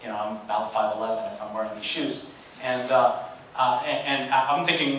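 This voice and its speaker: A man in his forties giving a storytelling lecture as a guest speaker, animated and conversational with wry humor. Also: mid-range voice, fairly quick, slight background noise. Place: large university lecture hall. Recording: echoey hall, distant mic.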